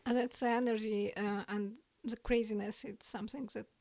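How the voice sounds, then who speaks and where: A woman from Ukraine, a poet and guest, chatting hesitantly with many fillers and laughs, sometimes dropping to a soft near-whisper. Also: mid-range voice, steady tone, moderate pace, vocal fry, dry recording. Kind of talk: casual podcast chat.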